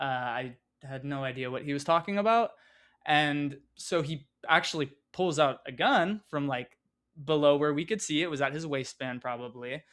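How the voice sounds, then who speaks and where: Young male vlogger with a fairly high voice, rambling casual storyteller who swears freely. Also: a bit bright.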